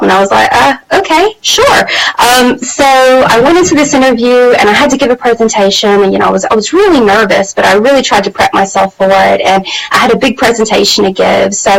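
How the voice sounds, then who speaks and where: A woman who hosts a women's empowerment channel tells a personal story on a motivational live stream, candid and chatty with plenty of fillers. Her mid-range voice has vocal fry, and the poor audio carries a little hiss or hum.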